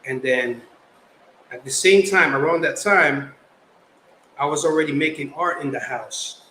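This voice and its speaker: A young man from the Philippines, a guest artist telling stories in casual chat, animated and slangy. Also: on the high side, a little slow. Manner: animated, slangy, acts out quotes. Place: podcast studio. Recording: roomy echo, faint background noise.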